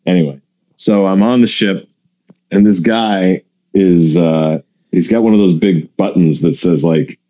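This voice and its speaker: A male comedian with a low, mellow voice tells stories in a casual podcast chat. He acts out the people in his stories as he goes. The audio is dull and muffled. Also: unhurried. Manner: animated storyteller who acts out other people's lines.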